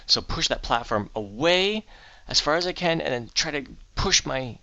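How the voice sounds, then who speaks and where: A man's voice: a little high, animated, normal speed, pushed and bright, dry recording, dull audio. Upbeat man giving fitness tips, dry sound. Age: middle-aged. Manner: upbeat, explanatory, frequent "uh" fillers. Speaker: fitness vlogger. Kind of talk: casual vlog and exercise instruction. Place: home office, then a gym.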